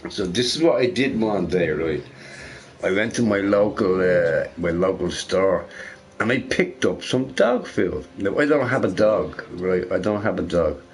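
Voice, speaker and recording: A man's voice: sits low, big pitch swings, a little slow. A man chatting casually while playing a game, rambling and laughing, with lots of "you know" and "right". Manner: rambling, laughing, fond of filler words. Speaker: gamer.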